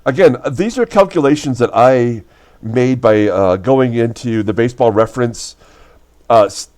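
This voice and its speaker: A man hosting a baseball replay channel, talking casually with a deep, rough voice from a recent illness and lots of fillers. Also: normal speed, darkish tone. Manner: loose, rambling, full of fillers. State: deep sick voice recovering from illness. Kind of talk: casual game commentary.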